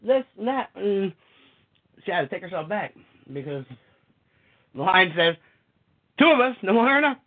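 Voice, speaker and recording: A man hosting a show, swearing and laughing as he chats and reads his own dark poetry. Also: high-pitched, slightly rough. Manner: profane, laughing, rambling. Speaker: podcast host and poet. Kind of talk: casual chat and poetry reading. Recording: tinny phone-like sound.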